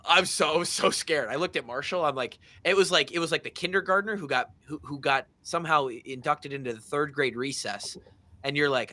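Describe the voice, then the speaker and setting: A man in his thirties hosting a podcast, telling a story in a casual, animated way and acting out the voices of the people in it. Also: a little high, a little fast. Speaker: podcast host.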